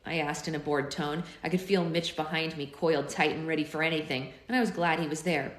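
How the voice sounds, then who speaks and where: A woman's voice: sits low, fairly even intonation, brisk, few pauses. A woman hosting a live book club, reading chapters aloud with playful, chatty asides. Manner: chatty, playful, goes off on tangents. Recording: roomy echo.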